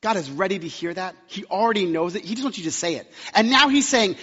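A man's voice: high-pitched, animated, fast, hardly any pauses, pushed and bright, breathy edge. A young man preaching a sermon as pastor in a church, casual and conversational with self-deprecating humor and storytelling. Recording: muffled audio with long hall reverb.

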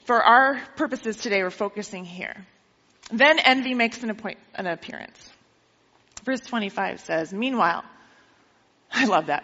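A woman preacher who tells a parable in a lively way during a sermon and keeps checking in with her listeners. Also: mid-range voice, moderate pace. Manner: lively storytelling, asks listeners questions. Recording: dull with long hall reverb.

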